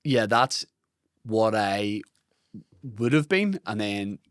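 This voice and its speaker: A man's voice: fairly low pitch, sing-song, takes it slowly, no echo, clean studio sound. Wry man joking around. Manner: wry, jokey. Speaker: comedian guest. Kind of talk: casual chat.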